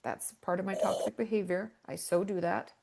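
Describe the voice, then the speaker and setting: A woman's voice: mid-range voice, steady tone, normal speed, vocal fry, warm tone, slight background noise. A woman therapist talking candidly in a casual podcast chat, full of filler words. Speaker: therapist guest.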